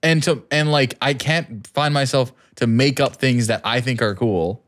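A man's voice: mid-range voice, normal speed. A man co-hosting a casual podcast, telling stories and acting out what other people said. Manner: animated, plays out other people's lines in quotes. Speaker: podcast co-host. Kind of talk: casual chat.

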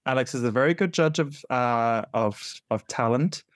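A man's voice: mid-range voice, moderate pace, no echo, clean studio sound. A man co-hosting a podcast, chatting animatedly and laughing often, with playful exasperation. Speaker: podcast co-host. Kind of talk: casual chat.

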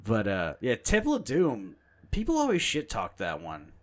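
A young man chatting casually as a podcast host, animated and profane, ranting at a quick clip. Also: lowish voice. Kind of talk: casual chat.

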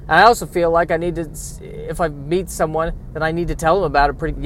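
A man's voice: a little high, fairly even intonation, fairly quick, a little hiss or hum. Wry self-mocking man talking in a car. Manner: wry, self-deprecating, swings into loud exasperated rants. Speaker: podcast host. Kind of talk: solo comedic monologue. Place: in a car while driving and parking.

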